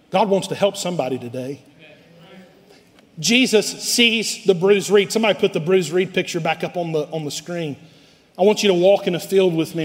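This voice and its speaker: A man preaching a sermon to his church, swelling loud and then dropping low. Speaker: pastor. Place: church sanctuary. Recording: live hall reverb.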